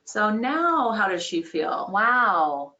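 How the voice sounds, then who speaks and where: Bright-voiced woman trainer, upbeat and conversational, explaining sales steps. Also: mid-range voice, very animated, slow pace, dull audio. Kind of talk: online training course.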